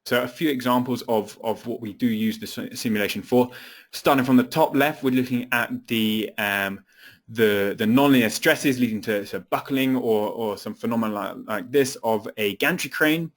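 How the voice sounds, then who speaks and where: A man, an application engineer presenting a technical software webinar, explaining steadily with frequent fillers and repeated words. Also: medium pitch, moderate pace.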